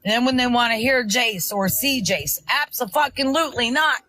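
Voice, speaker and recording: A woman's voice: on the high side, normal speed, bright, forceful tone, rough recording. A middle-aged woman on a livestream, angrily confronting someone in an insistent, repetitive, scolding way. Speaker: livestream guest confronting host.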